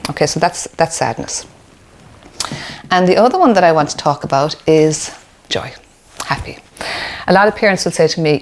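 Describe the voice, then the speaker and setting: A woman's voice: sits low, lively intonation, moderate pace, pauses often. An Irish woman, a play therapist, explaining parenting in a webinar, often checking in with "okay?". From Ireland.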